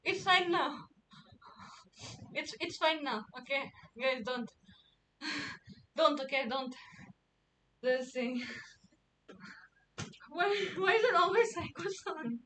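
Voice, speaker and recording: A young woman streamer from India chats on her stream in a high, bright voice, slow and drawn out. She is playful and giggly and keeps repeating words. The sound is close on a streaming mic. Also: animated, slight background noise. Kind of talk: casual livestream chat.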